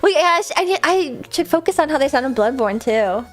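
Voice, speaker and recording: A woman streamer chatting casually with her viewers, giggly and self-mocking, with quick asides. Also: sits high, animated, soft background music.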